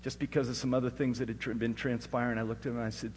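Middle-aged male pastor, sermon delivery, storytelling that swings from soft to forceful, reverberant hall. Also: mid-range voice, flat delivery, rapid-fire, hardly any pauses. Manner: storytelling, swings from hushed to loud and emphatic. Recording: echoey hall with faint hum.

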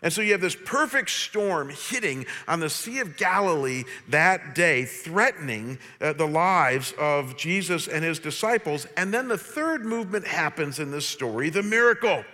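A man preaching a sermon, lively and humorous, speaking straight to his congregation. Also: fairly high pitch, moderate pace, hardly any pauses. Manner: animated, humorous, addresses congregation directly. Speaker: pastor. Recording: long reverb of a large hall.

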